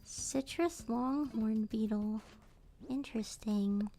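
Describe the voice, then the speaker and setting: A woman's voice: on the high side, slow pace, warm tone. A woman streamer chatting casually while playing a game, laughing often and sometimes dropping into a whisper. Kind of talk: casual gameplay chat. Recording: faint game music behind. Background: faint game music.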